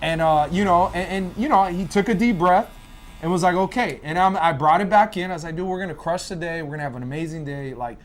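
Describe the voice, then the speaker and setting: Guy in a barber chair telling a story, kinda high voice, acts out the lines. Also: fast. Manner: animated, acts out family dialogue. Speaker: barbershop podcast guest. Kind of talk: casual storytelling.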